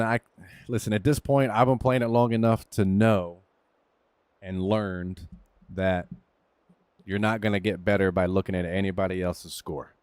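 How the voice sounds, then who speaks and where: A man streams a golf video game and chats through his shots in a lowish, darkish voice with no room sound. The commentary is casual and honest, with self-coaching and some swearing.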